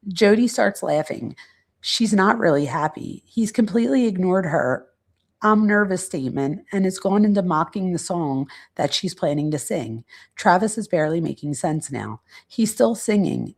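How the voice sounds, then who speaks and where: A woman with a gravelly, creaky voice casually reads quotes aloud and comments on them. She hosts a true crime channel and stops now and then to look through her notes. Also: lowish voice, animated, moderate pace, a little mellow.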